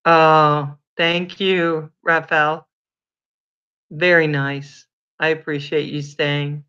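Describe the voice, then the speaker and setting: A chatty woman hosts a casual livestream, greeting viewers by name and telling little stories. Her voice is bright and forward. The recording sounds dull and lo-fi. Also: sits low, level tone, extremely slow, smooth. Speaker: livestream host.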